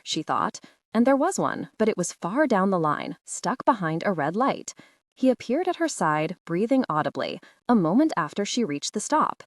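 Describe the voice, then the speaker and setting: Expressive woman narrating a literary audiobook. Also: medium pitch, dry recording, studio quality.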